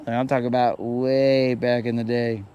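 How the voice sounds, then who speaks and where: A middle-aged man casually chats and jokes with viewers while hosting a rambling fishing livestream from a boat on a lake. His mid-range voice is level, warm, and clean at a normal speed, though the highs are cut off.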